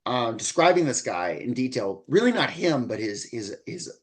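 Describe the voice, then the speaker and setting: A man in casual podcast conversation with a mid-range voice, neither high nor low. He talks loosely and meanders, leaning on likes and ums as he goes. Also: big pitch swings, moderate pace, husky. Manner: rambling, loose delivery full of likes and ums. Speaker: podcast co-host. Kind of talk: casual book-discussion chat.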